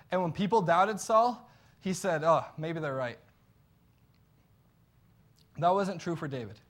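A man preaching a sermon in an earnest, conversational storytelling way. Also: sits high.

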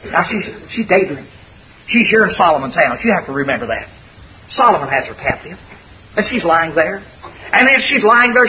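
A man's voice: high voice, a little hiss or hum. A man preaching a sermon in a folksy, conversational and earnest way. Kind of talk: expository sermon. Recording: dull distant recording.

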